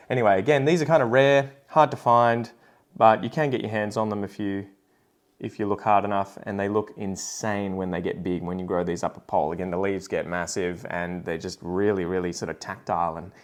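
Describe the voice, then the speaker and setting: A middle-aged man with an Australian accent, hosting a casual vlog and talking in a loose, rambling way, often correcting himself. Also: lowish voice. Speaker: host. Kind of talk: casual plant-selling vlog.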